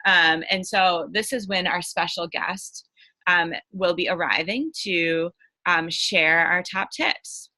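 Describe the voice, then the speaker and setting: Bright, lowish young woman coaching staff. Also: takes it slowly, low-quality recording. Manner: chatty, frequent 'right?' and 'um'. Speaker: camp leader trainer. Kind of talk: casual training talk.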